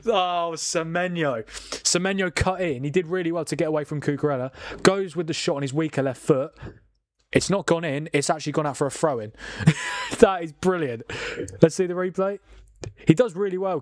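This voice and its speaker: A man, hosting a live football watchalong and chatting in a rambling, animated way, with plenty of laughs and restarts. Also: on the high side, no echo, studio quality. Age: 40s. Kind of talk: casual live commentary and chat.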